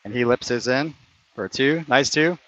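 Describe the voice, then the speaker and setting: Playing an outdoor mini golf course, a man gives casual play-by-play of his own round, calling every shot and getting openly frustrated, even swearing, when putts and other shots go wrong. He's competitive, with a bright, slightly tense, mid-range voice at a normal pace. The stream audio comes across dull and lo-fi.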